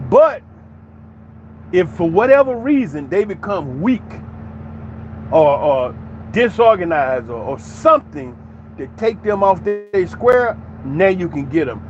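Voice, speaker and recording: A man's voice: fairly high pitch, muffled recording, a little hiss or hum. A man giving an opinionated commentary monologue in an emphatic, preachy way, with many rhetorical questions. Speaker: commentary channel host.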